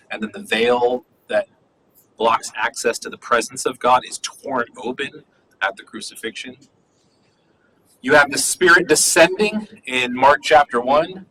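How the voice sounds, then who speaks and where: Bright-voiced man lecturing a class. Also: medium pitch, husky, poor audio. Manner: conversational, many fillers and "right?" asides. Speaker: teacher.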